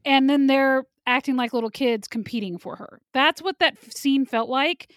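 This is a talkative woman reviewing movies with a friend, her opinions quick and candid. Her voice sits on the higher side and sounds close and dry, with no room around it. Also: no room sound. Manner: opinionated, chatty, laughs often. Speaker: podcast co-host. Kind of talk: casual movie review chat.

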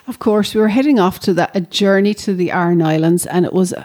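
A woman's voice: on the low side, brisk, a little mellow. A woman co-hosting a travel show, chatting enthusiastically and descriptively while standing on a beach. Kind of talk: casual travel chat. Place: on a beach outdoors, feet in the water.

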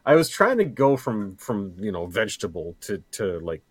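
Low-voiced playful middle-aged man. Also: very animated, moderate pace, husky, no echo. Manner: playful, jokey, rambling. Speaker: podcast co-host. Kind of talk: casual chat.

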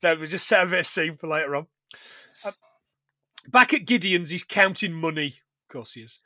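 A man's voice: a little high, normal speed, bright, forceful tone, no room sound, studio quality. A man recapping a film with a co-host in casual, sweary chat, laughing often as he tells the story. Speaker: podcast co-host.

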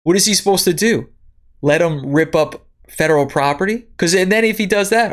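A woman's voice: lowish voice, expressive, normal speed. A woman hosting a podcast, reading news items and answering them with indignant, sarcastic commentary. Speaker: podcast host.

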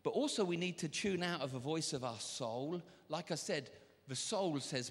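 Pastor preaching in an echoey hall. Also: male voice, fairly high pitch, fairly quick, hardly any pauses, faint music behind. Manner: animated, acts out quoted voices. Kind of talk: sermon. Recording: reverberant church hall.

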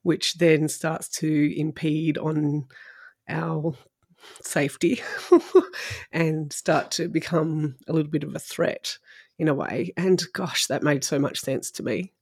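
Slow, thoughtful woman podcast host. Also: low voice, steady tone, a little mellow, husky, no echo, clean studio sound. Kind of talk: reflective conversational interview.

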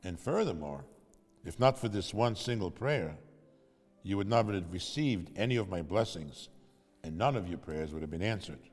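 A man voicing the voice of God from heaven, delivering a stern, measured rebuke. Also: deep voice, expressive, darkish tone, big-room sound, soft background music. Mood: rebuking.

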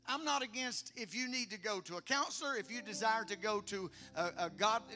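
A man preaching a sermon in a high, bright, forceful voice. He drives points home with emphatic bursts, then drops to near-hushed lines and chatty asides to the congregation, over faint music underneath. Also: brisk. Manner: emphatic preaching with big swings from loud to hushed. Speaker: pastor.

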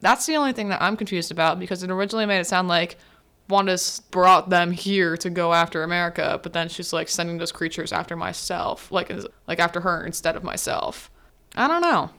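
A woman hosting a podcast, chatting casually through a movie recap, full of "like" fillers and quick asides. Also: fairly bright tone. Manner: acts out characters' lines with pitch swings. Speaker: podcast host.

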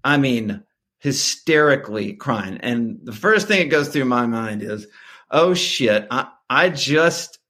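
A middle-aged man, a guest on a podcast, telling a family story in casual talk and acting out the voices in it. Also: takes it slowly. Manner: animated, acts out dialogue with sharp pitch jumps.

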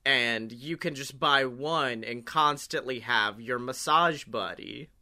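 A man's voice: mid-range voice, takes it slowly, pushed and bright. A man co-hosting a comedy podcast, chatting casually with crude jokes and frequent laughter. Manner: crude, laughs often, jokey improv. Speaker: podcast co-host.

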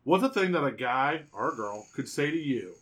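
A man's voice: mid-range voice, lively intonation, normal speed, a bit bright. A young man co-hosting a casual chat show, rambling and joking with frequent restarts. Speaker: podcast co-host.

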